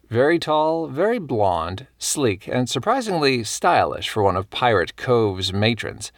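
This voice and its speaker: A man reading a cozy mystery novel aloud as a measured, even audiobook narrator. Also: mid-range voice, no room sound, studio quality.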